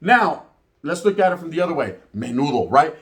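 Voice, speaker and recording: With a voice that's a little high, swinging widely in pitch and moving fairly quickly, a reaction video host in his forties narrates a story and shares his take. His speech is casual, profane street talk, often capped with "right?"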